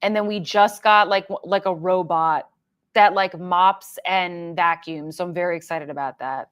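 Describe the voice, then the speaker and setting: A woman's voice: on the low side, steady tone, moderate pace, a bit bright, clear, resonant tone, lo-fi sound. A young adult woman hosting a casual livestream, chatting loosely and reading viewer comments aloud with plenty of fillers. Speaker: livestream host.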